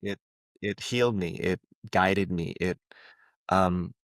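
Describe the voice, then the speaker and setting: A man, a coach and interview guest, telling an emotional personal story in a reflective, halting way with many filler words. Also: sits low, fairly bright tone, no echo.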